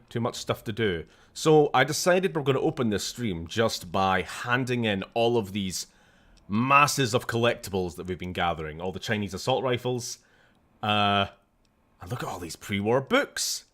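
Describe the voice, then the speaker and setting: Brief: young Scottish streamer, low voice, lively pitch, jokey and sweary. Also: male voice, a little slow, long pauses. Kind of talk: casual game-stream chat.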